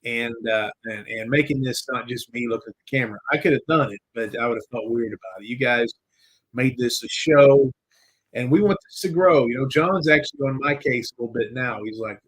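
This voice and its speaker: Husky-voiced man rambling on a podcast. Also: medium pitch, a little fast, poor audio. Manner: rambling, jokey, swears casually. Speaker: podcast host. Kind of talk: casual live-stream chat.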